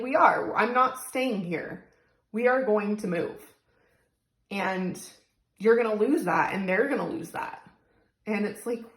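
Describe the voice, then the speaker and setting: A woman's voice: a little high, fairly bright tone, roomy sound, rough recording. A young woman venting tearfully and rambling about her frustrations into her phone, close to crying. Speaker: single mom vlogger. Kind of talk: emotional venting vlog.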